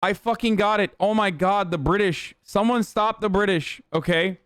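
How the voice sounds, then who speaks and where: A man's voice: sits high, normal speed, fairly bright tone, clear, resonant tone, no room sound, clean studio sound. A male streamer giving casual, sarcastic and profane commentary on the news.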